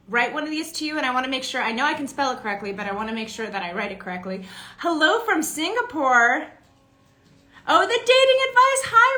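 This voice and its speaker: A chatty woman with a bright, lifted voice talks casually to fans on a live stream. She greets viewers by name and reads their comments aloud. Her voice sits fairly high and rings around an echoey room. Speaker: voice and motion-capture actress hosting a fan signing.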